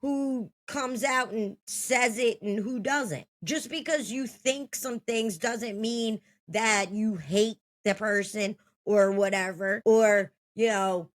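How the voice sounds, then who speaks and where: A woman's voice: fairly high pitch, slow, few pauses. A woman in her thirties telling a story from her own life in a blunt, heated, profane way. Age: 30s.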